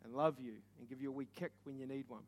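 A young man with a New Zealand accent, preaching with stories, animated and joking, sometimes shouting. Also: mid-range voice, quick pace. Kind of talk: sermon with stories.

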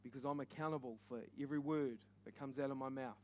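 A young man with a New Zealand accent, preaching with stories, animated and joking, sometimes shouting. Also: mid-range voice, fast, slight background noise. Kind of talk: sermon with stories.

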